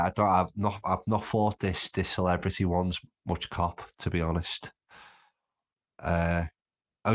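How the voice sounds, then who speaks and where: A man with a Scouse accent hosts a relaxed livestream, reading viewers' comments aloud and chatting back. His voice sits a little low, and he talks in a loose, friendly way with quick laughs and plenty of restarts. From Birkenhead, England. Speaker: livestream host. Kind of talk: casual live chat reading comments.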